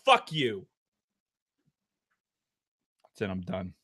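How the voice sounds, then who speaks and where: A man's voice: low voice, wildly swooping pitch, extremely slow, pushed and bright. A man co-hosting a podcast in casual chat, ranting angrily and swearing constantly. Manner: heated, profanity-laden ranting. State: angry. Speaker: podcast co-host.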